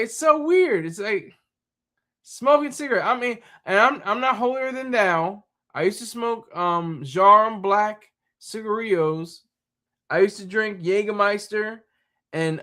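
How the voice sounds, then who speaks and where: Casual male streamer, high voice, bright tone, chatty and laughing. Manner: rambling, laughs often, talks to chat. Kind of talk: casual live-stream chat.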